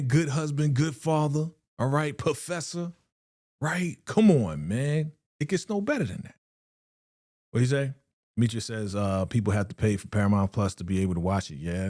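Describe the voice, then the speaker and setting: A man's voice: medium pitch, dry recording, studio quality. A man hosting a live reaction stream in a casual, slangy way, repeating phrases and sighing often. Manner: animated, slangy, repeats phrases, frequent sighs.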